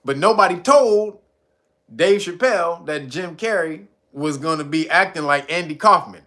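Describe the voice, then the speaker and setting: A man's voice: on the high side, animated, normal speed, fairly bright tone. Laughing man retelling comedy bits. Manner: laughs often, retells jokes with put-on voices. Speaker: streamer host. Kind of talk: casual storytelling.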